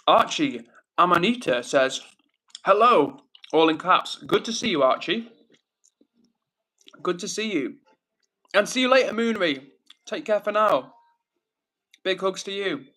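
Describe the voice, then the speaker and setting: An English man in his thirties hosts a casual live stream. His voice sits a little high and rings bright and forceful as he reads out viewers' comments and sends them friendly shout-outs. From England. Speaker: livestream host.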